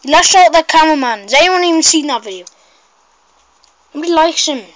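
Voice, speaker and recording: A woman giving casual, rambling gameplay commentary, excitable and shrieking at mishaps. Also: high voice, quick pace, poor audio.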